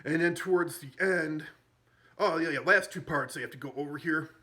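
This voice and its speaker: A man's voice: a little high, normal speed, pushed and bright. A man recapping a movie in a casual, rambling way. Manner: rambling, with many fillers and restarts. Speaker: film reviewer.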